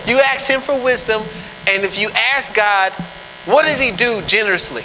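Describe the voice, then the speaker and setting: A male pastor preaches with a high, bright voice, joking and animated as he keeps checking in with his listeners. His voice rings with a long reverb through a church hall. A faint noise sits underneath. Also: normal speed. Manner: joking, animated, keeps asking the crowd "right?". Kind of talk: sermon.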